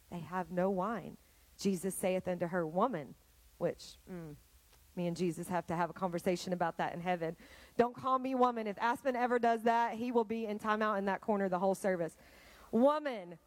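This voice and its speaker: Woman preaching a lively sermon. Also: mid-range voice, no room sound, poor audio. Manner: animated storytelling, addressing the congregation directly.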